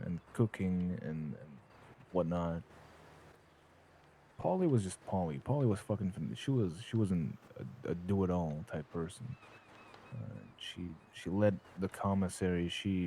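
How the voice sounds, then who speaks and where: Guy with a deep warm voice rambling in character in a roleplay, swears a lot, keeps restarting sentences. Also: slight background noise. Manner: casual, swears often, halting restarts. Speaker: role-play character reminiscing. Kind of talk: in-character role-play chat.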